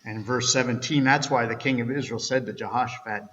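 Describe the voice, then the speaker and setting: A man's voice: mid-range voice, steady tone, fairly quick, hardly any pauses, fairly bright tone. A male pastor preaching a sermon in a church, earnest and conversational, with frequent restarts. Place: church sanctuary. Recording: echoey church hall, slightly dull.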